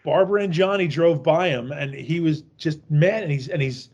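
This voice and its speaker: Speaking at a moderate pace in a fairly high, somewhat mellow and husky voice, this man co-hosts a podcast. He gives a casual recap of a horror film, retelling scenes with crude jokes and plenty of laughter.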